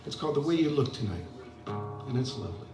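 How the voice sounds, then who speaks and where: A man's voice: mid-range voice, lively intonation, fast talker. An older man hosting an open mic, chatting casually and self-deprecatingly between songs. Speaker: open mic host and singer. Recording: roomy, distant mic, guitar behind.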